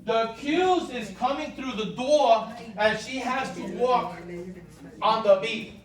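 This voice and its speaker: A woman's voice: fairly high pitch, slow pace. A woman directing a choir rehearsal, explaining parts patiently and switching between English and Spanish. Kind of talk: rehearsal instruction. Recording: echoey room, far from the mic, chatter behind.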